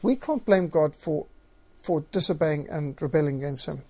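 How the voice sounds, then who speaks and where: A man's voice: a little high, lively intonation, moderate pace, mellow. A man teaching systematic theology, reading scripture passages aloud and stressing key words. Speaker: Bible teacher.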